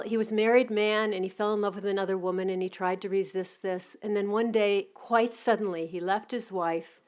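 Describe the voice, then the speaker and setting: Woman, middle-aged, spiritual talk, gentle unhurried storytelling, soft restarts, mid-pitched voice. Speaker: spiritual community teacher. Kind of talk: reflective spiritual talk with anecdotes.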